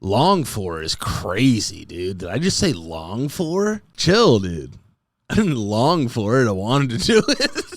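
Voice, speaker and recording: A man's voice: mid-range voice, sing-song, slow, dry recording. A man in his thirties hosting a comedy podcast, rambling goofily and tossing in "dude" often. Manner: goofy, rambling, says "dude" a lot. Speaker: podcast host. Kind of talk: comedic solo podcast monologue.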